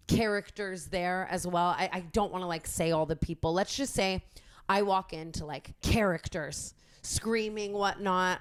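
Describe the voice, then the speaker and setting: A young woman telling a story on a podcast, chatty and animated, full of likes and restarts. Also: on the low side, clear, resonant tone. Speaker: podcast host.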